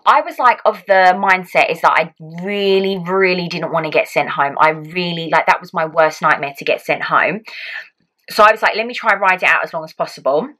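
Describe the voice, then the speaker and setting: A young woman vlogger telling a personal story to camera in a chatty, animated way, acting out what people said. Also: on the low side, fairly quick, low-quality recording. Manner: chatty, animated, acts out quotes. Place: home.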